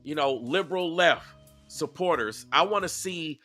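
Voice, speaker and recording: A man hosting a casual commentary stream, reacting to video clips and talking to his chat in a repetitive, animated way. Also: a little high, normal speed, faint music behind. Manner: animated, repetitive, asks the audience.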